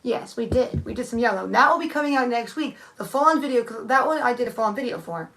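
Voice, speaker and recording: A woman's voice: on the high side, expressive, fast, fairly bright tone. Rambling woman chatting while painting nails. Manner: rambling, thinking aloud with many restarts. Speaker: nail art streamer. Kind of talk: casual live-stream chat.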